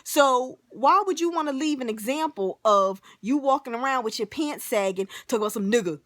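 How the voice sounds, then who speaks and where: Woman vlogger, high voice, dry close sound; fiery profane rant to camera. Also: fairly quick, no room sound. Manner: animated, emphatic, profane, keeps saying "like". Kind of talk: ranting to camera.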